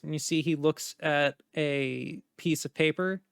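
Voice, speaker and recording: A man narrating a tabletop game as game master in a relaxed, easygoing way, with fillers. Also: a little high, measured pace, creaky, clean tone, no room sound, clean studio sound.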